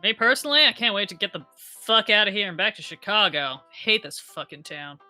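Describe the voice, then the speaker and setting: A hard-bitten woman drifter in riding leathers, played by a woman, blunt and sour and quick to swear. She speaks a bit lower than the performer's usual voice but keeps a sharp, bright edge. Soft music sits in the background. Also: expressive.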